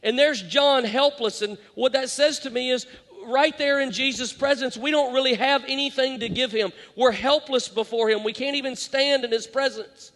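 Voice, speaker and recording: A man preaching a sermon as pastor, dramatic and shifting between loud and hushed. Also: very high-pitched, fairly even intonation, moderate pace. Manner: dramatic, varies loud and soft, quotes scripture. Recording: long hall reverb.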